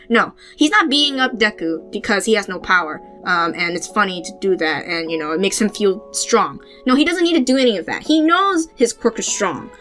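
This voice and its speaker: A podcast host with a medium-pitched, sharp, expressive voice chats casually about manga panels at a normal speed, barely pausing. She rambles, using many fillers and restarting her sentences. Faint music plays behind her.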